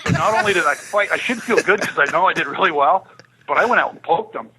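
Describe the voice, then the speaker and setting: With a fairly high pitch and a quick pace, a former pro hockey player in his fifties animatedly recounts podcast stories and performs the dialogue himself. The recording is low-quality.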